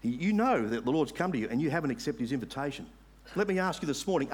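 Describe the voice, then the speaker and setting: A man preaching a sermon, making earnest appeals to the congregation and reading scripture aloud slowly. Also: a little high, lively intonation, husky. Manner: earnest, rising to emphatic appeals.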